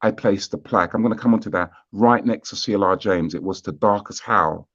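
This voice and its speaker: Male guest, British accent, laid-back storyteller, muffled lo-fi sound. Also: fairly low pitch. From Britain. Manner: relaxed and unhurried, with frequent fillers and asides. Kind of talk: casual conversational storytelling.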